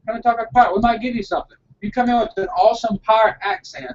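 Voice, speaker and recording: A man's voice: high voice, racing, distant mic, muffled recording. A man who owns a small frozen yogurt shop, chatting earnestly and a bit rambling on a casual live broadcast.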